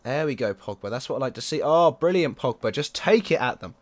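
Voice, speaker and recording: This is a man doing let's-play commentary on his football management game. He gets excited fast, speaks at a medium pitch, and is quick to groan or shout at the action.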